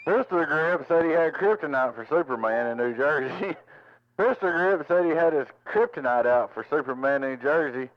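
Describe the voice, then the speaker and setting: A man's voice: a little high, normal speed, dull audio. A man at his home radio station, chatting on CB and repeating call signs and handles in radio lingo. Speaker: CB radio operator.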